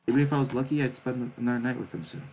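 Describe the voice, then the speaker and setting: A man's voice: medium pitch, rapid-fire, darkish tone, a little hiss or hum, poor audio. A man reading a visual novel's narration aloud for viewers, stumbling and correcting himself as he goes. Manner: reads with stumbles and self-corrections. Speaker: game streamer.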